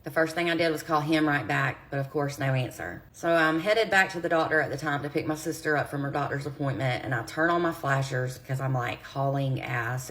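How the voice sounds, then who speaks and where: Woman, low voice, earnest storyteller talking straight to her followers on a phone video. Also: fairly bright tone. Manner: earnest, direct, speaks straight to viewers. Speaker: true crime creator. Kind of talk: personal storytelling to camera.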